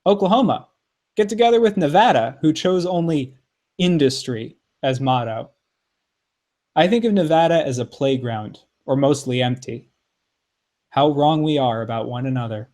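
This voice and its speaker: A man co-hosting a podcast, reading a poem aloud with expressive phrasing and playful asides. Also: fairly high pitch, moderate pace. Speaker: podcast co-host. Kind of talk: podcast poetry reading and discussion.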